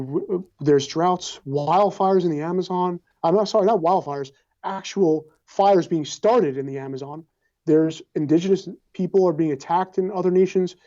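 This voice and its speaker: A man's voice: high-pitched, mellow. Earnest young male candidate, dull audio. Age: young adult. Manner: earnest, speechlike, with repeated phrases. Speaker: congressional candidate. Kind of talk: campaign interview answers.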